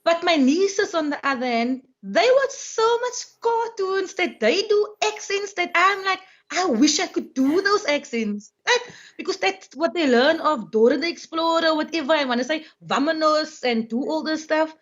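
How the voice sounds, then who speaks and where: A woman's voice: extremely high pitch, normal speed, few pauses, dull audio. A woman comedian from Cape Town with a Cape Coloured accent, speaking outspokenly as a guest in a video call interview. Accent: Cape Coloured English. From Cape Town, South Africa. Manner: outspoken, animated. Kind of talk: casual interview chat.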